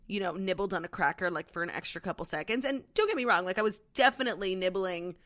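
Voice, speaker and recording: A woman's voice: medium pitch, lively intonation, quick pace, a bit bright. A young woman co-hosting a casual pop-culture podcast, chatty and sarcastic, swearing freely. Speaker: podcast co-host. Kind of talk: casual chat.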